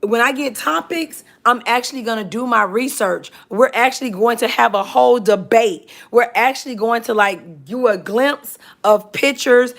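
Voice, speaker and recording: A woman's voice: fairly high pitch, normal speed, creaky, few pauses. A woman hosting a livestream, chatting casually with viewers and reading out their comments in a chatty, emphatic way. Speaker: livestream host.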